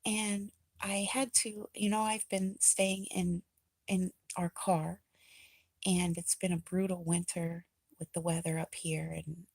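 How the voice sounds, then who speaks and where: A low-pitched woman with a gravelly, husky voice speaks softly and dryly, close to the mic. She rambles through a confessional monologue, sounding low and emotional, and often slips into a breathy near-whisper. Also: level tone, no room sound. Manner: rambling, with many filler pauses. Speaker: vlogger.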